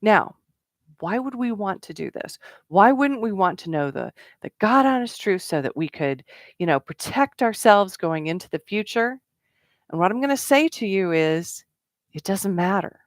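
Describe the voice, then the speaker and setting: A woman's voice: medium pitch, lively intonation, moderate pace, no echo. Woman coaching on networking, dry sound. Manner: conversational with fillers and acted-out quotes. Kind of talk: casual talk to camera.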